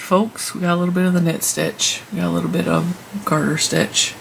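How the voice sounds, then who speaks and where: A woman's voice: fairly low pitch, fairly even intonation, a little fast, vocal fry, slight background noise, low-quality recording. A woman hosting a knitting channel, chatting casually and rambling off on tangents as she reviews yarn while she knits. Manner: chatty, rambling, laughs at herself. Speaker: knitting and crochet channel host.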